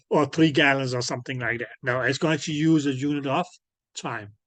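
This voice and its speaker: A man teaching ultrasound physics in an online lecture over a computer microphone. He keeps checking whether students follow by asking "clear?", and he fills his sentences with "okay, yes". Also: mid-range voice, moderate pace, a bit bright, no echo. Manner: peppers speech with filler "okay, yes". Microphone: computer mic on a video call.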